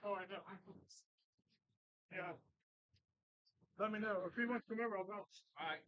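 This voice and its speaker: A man talks quietly and offhand at a pool tournament, picked up from a distance. The sound is muffled and dull, and the busy hall is clearly heard around him. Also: high-pitched, normal speed, slight background noise. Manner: offhand, quiet side chatter. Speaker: bystander at the tournament.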